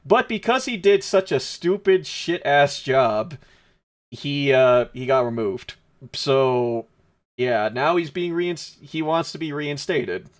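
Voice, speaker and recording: A man's voice: a little high, slow. A man streaming a game, commenting crudely and jokingly with lots of swearing.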